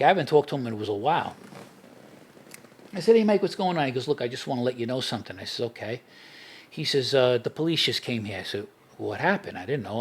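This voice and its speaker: A man's voice: mid-range voice, slightly rough. Street-wise man telling old stories. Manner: street-wise storyteller, laughs at his own anecdotes. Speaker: podcast guest. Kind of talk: storytelling in a casual interview.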